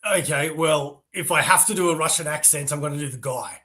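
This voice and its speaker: A man hosting a casual podcast chat, easygoing and quick to laugh along. His voice sits a little high. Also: pushed and bright. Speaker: podcast host.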